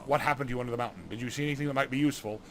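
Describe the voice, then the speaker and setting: This is a stern dwarf father, played by a man whose voice is gravelly and bright. He scolds, but there is care underneath. He speaks in a gruff, plain way. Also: mid-range voice, racing, a little hiss or hum, pitched below the performer's own voice, natural voice.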